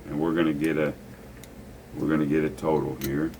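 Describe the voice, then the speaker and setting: A man's voice: very deep voice, little pitch movement, a little fast, darkish tone, a little hiss or hum. A man teaching a casual craps lesson, blunt and preachy, swearing freely. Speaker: gambling instructor.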